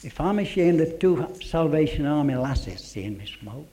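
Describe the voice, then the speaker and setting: Man giving testimony to a congregation; earnest, mellow, pitched a little high. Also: expressive, moderate pace, slight background noise. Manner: earnest storyteller who drops to a hush for quoted voices. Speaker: church testimony speaker.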